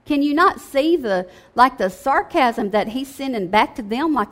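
Female preacher, fairly high voice, informal and emphatic delivery. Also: lively intonation, measured pace. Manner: conversational, emphatic, keeps asking "okay?". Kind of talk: sermon.

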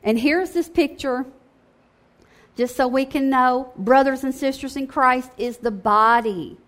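Lady preaching a sermon, kinda high voice, chatty, keeps saying okay?. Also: measured pace, fairly bright tone. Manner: conversational, emphatic, keeps asking "okay?".

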